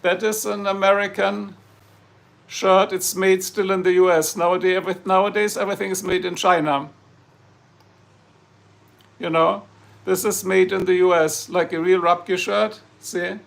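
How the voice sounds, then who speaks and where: Hosting a casual livestream, a German man with a German accent chats to viewers and answers their comments in a rambling, jokey way. He speaks at a moderate pace with long pauses, in a high-pitched, slightly bright voice marked by vocal fry and a flat delivery.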